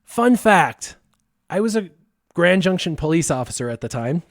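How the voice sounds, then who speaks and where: A man casually telling a funny story, lively and laughing as he acts out the voices of the people in it. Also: fairly high pitch, normal speed, dry recording, studio quality. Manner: animated, laughing, acts out quotes. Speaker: guest storyteller.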